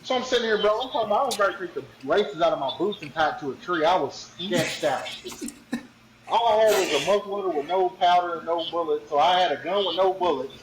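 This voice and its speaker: A man, a podcast guest, telling a story in a slangy, animated, casual way. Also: high voice, quick pace, reverberant, crowd noise, low-quality recording. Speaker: podcast guest, hunting ambassador.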